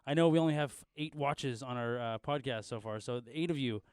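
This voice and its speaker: A man's voice: mid-range voice, brisk, a little mellow, clean tone, no echo, studio quality. A young man from Canada co-hosting a podcast, chatting casually in a rambling way, swearing and restarting often. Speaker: podcast co-host. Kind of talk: casual chat.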